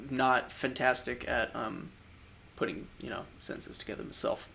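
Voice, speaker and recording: A man's voice: mid-range voice, normal speed, gravelly, pushed and bright, a little hiss or hum. A man co-hosting a podcast, chatting casually about movies, rambling, trailing off and laughing often. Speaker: podcast co-host.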